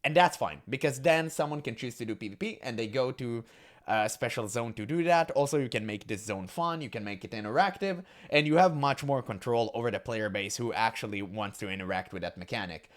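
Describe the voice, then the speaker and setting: Scornful ranting man with lively pitch. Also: fairly quick. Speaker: reaction commentator. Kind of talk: casual reaction commentary.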